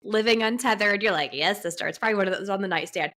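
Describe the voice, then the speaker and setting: A woman's voice: mid-range voice, fast talker, a bit bright. A woman hosting a podcast interview who asks reflective questions in a conversational way. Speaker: podcast host.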